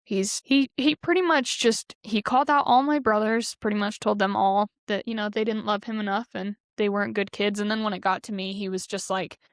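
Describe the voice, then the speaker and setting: A woman's voice: medium pitch, steady tone, a little fast, hardly any pauses, no echo, clean studio sound. Earnest young woman telling her story. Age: 20s. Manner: earnest, heavy use of "like". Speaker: podcast guest. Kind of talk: candid personal storytelling.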